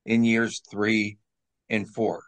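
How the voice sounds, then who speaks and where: A man co-hosting a casual hockey talk show, jokey and quick to laugh at his own bits. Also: lowish voice, level tone, vocal fry. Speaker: sports talk co-host.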